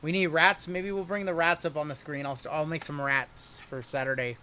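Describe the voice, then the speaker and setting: Young dude hosting a card break, high bright voice, jokey hype talk, faint background hum. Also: male voice, steady tone. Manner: hyped, jokey, rapid running banter. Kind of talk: live-stream card break commentary.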